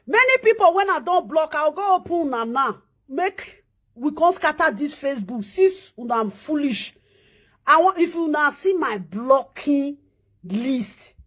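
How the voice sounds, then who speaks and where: Woman, middle-aged, Nigerian Pidgin, casual livestream host, very high-pitched, chanting and teasing. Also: a bit bright. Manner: chanting, playful, scolding viewers.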